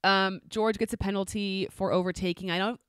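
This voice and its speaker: A woman's voice: mid-range voice, steady tone, a little fast, a bit bright, clear, resonant tone, no room sound, clean studio sound. A woman co-hosting a podcast, chatting casually and with energy, with lots of fillers and restarts. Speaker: podcast co-host. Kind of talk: casual chat recap.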